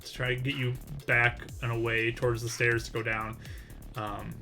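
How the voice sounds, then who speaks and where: Bright-voiced man running a tabletop game. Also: mid-range voice, flat delivery, normal speed, faint music behind. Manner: loose, filler-heavy narration. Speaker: game master.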